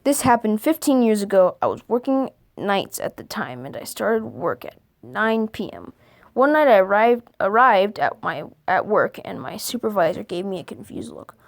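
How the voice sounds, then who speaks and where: A woman reading scary stories aloud for a video, halting now and then to stumble over and correct her words. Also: mid-range voice, very animated, vocal fry. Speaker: video creator.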